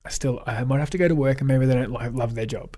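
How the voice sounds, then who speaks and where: A man's voice: medium pitch, steady tone, quick pace, warm tone. Aussie guy chatting, cheerful storyteller, does the voices of people in his stories. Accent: Australian. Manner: upbeat storyteller, acts out quoted dialogue, laughs often. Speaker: guest. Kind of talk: casual interview chat.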